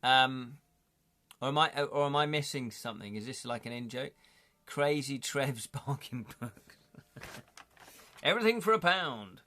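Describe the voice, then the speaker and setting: On a live stream, a man with a mid-range, animated voice reads through a gamebook at a moderate pace, his tone sharp. He chats casually with his viewers, cracks jokes, talks directly to chat and laughs often.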